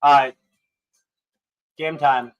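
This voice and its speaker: A man hosting a casual livestream, excitable and prone to swearing, swinging between hyped outbursts and low mumbling. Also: drawn-out words, highs cut off. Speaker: livestream host.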